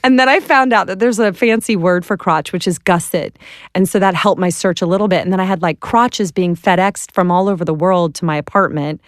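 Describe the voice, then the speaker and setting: A middle-aged woman telling stories as an interview guest, animated and laughing as she acts out the people in them. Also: lowish voice, brisk, no room sound, clean studio sound. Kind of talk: animated storytelling.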